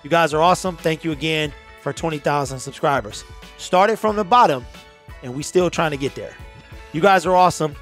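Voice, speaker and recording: A man's voice: a little high, brisk, a bit bright, soft background music. A man in his forties hosting his own sports channel, giving impassioned fan commentary straight to his viewers in a loose, conversational way. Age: 40s. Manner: impassioned, conversational, repeats himself. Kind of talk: casual fan commentary to camera.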